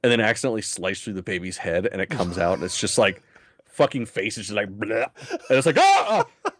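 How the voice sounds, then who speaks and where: A man's voice: on the low side, fast talker, a bit bright, slight background noise. A man co-hosting a casual TV review chat, laid-back and wry, joking along with his co-host.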